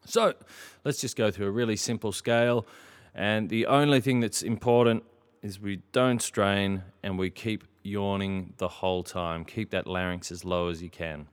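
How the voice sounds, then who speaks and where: A man leading a singing lesson as a vocal coach, in a relaxed, encouraging way, showing how to sing scales with a yawny sound. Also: lowish voice, moderate pace, clear, resonant tone. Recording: piano accompaniment loud behind the voice.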